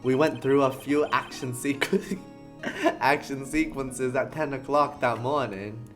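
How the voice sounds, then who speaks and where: A streamer reading a meek, gentle studio actor in a soft, sleepy drawl that leans New Yorker. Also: medium pitch, unhurried, over music, voice pushed up, close to an everyday voice. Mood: earnest. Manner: meek, apologetic.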